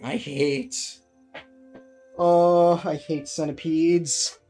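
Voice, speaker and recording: A young woman streamer giving casual gameplay commentary at her home desk, swearing a lot and turning panicky and excitable. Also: low-pitched, drawn-out words, faint music behind. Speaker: gaming streamer.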